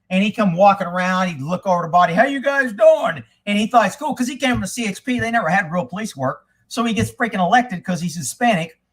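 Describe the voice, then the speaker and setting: A man, a former police investigator, telling profane stories in casual talk and acting out the people he quotes. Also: high-pitched. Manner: animated, swears often, acts out quoted people. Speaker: podcast host telling stories.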